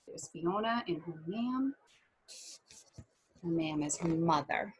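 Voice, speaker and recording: A woman reading a children's picture book aloud, with animated asides to her listeners. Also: on the low side, takes it slowly, breathy edge, dull audio.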